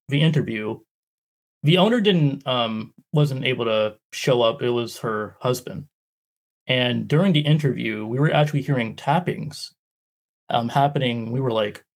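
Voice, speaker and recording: Guy guest rambling thru a story, kinda husky, lots of "like". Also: mid-range voice. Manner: animated, filler-heavy "like". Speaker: guest explorer. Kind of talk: casual storytelling.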